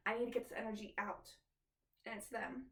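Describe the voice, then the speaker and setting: A woman's voice: medium pitch, level tone, brisk, a bit bright, distant mic. A woman vlogging casually from her kitchen, talking candidly and swearing freely as she speaks straight to her viewers. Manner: candid, swears often, talks to viewers directly. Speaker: tarot vlogger. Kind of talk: casual confessional vlog. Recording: roomy echo, off-mic.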